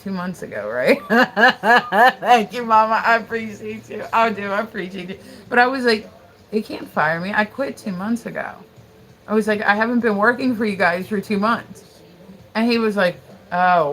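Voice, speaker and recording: Woman, livestreamer, casual storytelling, swears freely, laughs often, mid pitch, faint noise. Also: fairly bright tone, poor audio.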